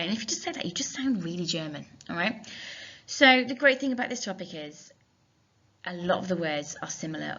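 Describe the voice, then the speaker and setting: This woman teaches German, walking through a recorded lesson one step at a time, spelling words and musing aloud. The recording is dull and lo-fi, and her lowish voice comes across creaky, husky, pushed and bright.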